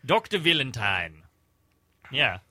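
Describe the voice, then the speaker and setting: A man hosting a college radio comedy show, voice mid-pitched with a bright, sharp edge. He banters in a wry, deadpan way, and the sound is dry and close in the studio. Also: takes it slowly, no room sound.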